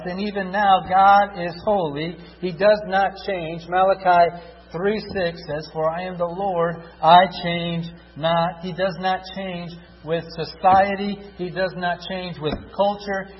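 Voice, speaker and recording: A man's voice: high voice, slightly rough, dull audio. Fervent preacher man in a reverberant hall. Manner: swings from loud fervent repetition to hushed tender pleading. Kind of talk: sermon.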